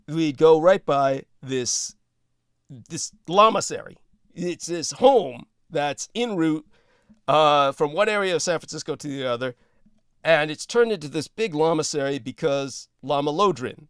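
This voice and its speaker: A man's voice: a little high, lively intonation, normal speed, clear, resonant tone, dry recording, clean studio sound. A man hosting a talk show, telling digressive anecdotes in a casual, profane way and laughing between sentences. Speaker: podcast host. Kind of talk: rambling anecdotal storytelling.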